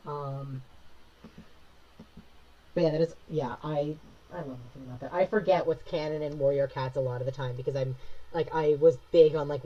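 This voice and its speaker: Low-voiced young woman chatting while drawing. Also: darkish tone, muffled recording. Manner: rambling, chatty, reads and answers chat. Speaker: streamer drawing live. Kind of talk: casual chat while drawing.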